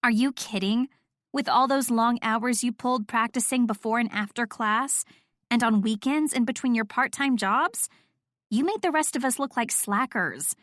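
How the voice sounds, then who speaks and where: A woman's voice: on the high side, moderate pace, a bit bright, dry recording, studio quality, close to an everyday voice. Woman narrator doing a bubbly squealing young fangirl. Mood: excited. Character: excitable gushing young woman friend, fangirl.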